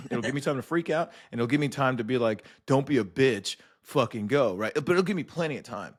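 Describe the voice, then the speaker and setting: A young man hosting a podcast, telling stories in a casual, profane and animated way. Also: mid-range voice, fairly quick. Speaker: podcast host. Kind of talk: casual chat.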